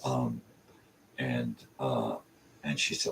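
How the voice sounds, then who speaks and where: Very deep-voiced older man rambling. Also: steady tone, unhurried. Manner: rambling, many ums and restarts. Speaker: channel host. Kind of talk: casual storytelling. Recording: distant mic with faint hiss.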